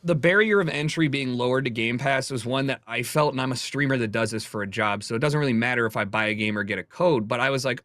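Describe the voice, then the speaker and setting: A man's voice: mid-range voice, fast talker, few pauses, a bit bright, dry recording. Candid man with a dry sound. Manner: opinionated, candid, swears casually. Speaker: streamer guest. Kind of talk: casual podcast chat.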